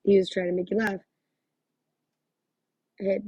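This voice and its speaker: A woman's voice: mid-range voice, little pitch movement, normal speed, warm tone, breathy edge, no room sound, low-quality recording. A woman working as a psychic medium, talking through a live reading in a gushing, exclamatory way and thinking aloud with many fillers.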